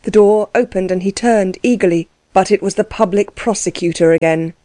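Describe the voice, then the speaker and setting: A woman narrating an audiobook in a measured, steady voice. Her pitch sits in the middle for a woman, and the recording is dry with no room sound. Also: no echo. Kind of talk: scripted narration.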